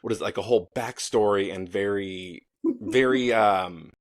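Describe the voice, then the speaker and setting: A man's voice: on the low side, normal speed, dry recording, studio quality. A man hosting a podcast interview, talking casually and searching for his words. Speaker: podcast host.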